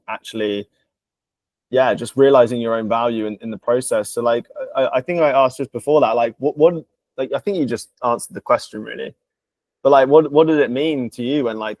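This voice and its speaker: A man hosting a relaxed conversation, easygoing and full of "like" and "mate". His voice sits at an ordinary pitch, and the recording is dry and close. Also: no echo. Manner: laid-back, says "like" and "mate" constantly. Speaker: podcast host, business coach. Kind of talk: casual interview chat.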